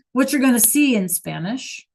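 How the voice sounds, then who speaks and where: A woman's voice: high-pitched, lively intonation, unhurried, gravelly, a little mellow. A woman Spanish teacher giving an online class lesson, searching for examples with many fillers and acting out short dialogues.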